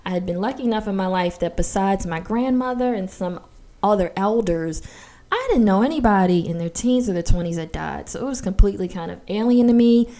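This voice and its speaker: A woman in her forties with a mellow, warm-toned voice tells a personal memory in relaxed conversation. She is animated, acting out what people said in lively quoted voices. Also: mid-range voice, a little fast. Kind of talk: casual chat, personal story.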